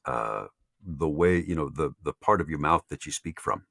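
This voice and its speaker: A man's voice: extremely low pitch, animated, normal speed, vocal fry, a bit bright, no room sound, clean studio sound. A man mentoring voice actors in a casual, rambling chat. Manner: rambling, lots of fillers and restarts.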